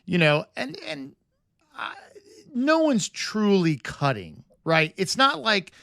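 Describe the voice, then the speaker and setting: A man with a slightly raised pitch rambles through a pet peeve, second-guessing himself and firing off rhetorical questions. The sound is dry and close to the mic. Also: sing-song, slow, creaky, fairly bright tone, dry recording. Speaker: podcast co-host. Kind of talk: casual chat.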